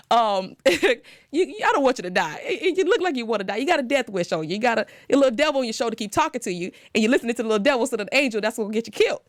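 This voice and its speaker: Young woman host for a casual TV recap, pitch jumping all over, dry close sound, animated and talkative. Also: rapid-fire, dry recording. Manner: animated, dramatic, laughs often, talks straight to viewers.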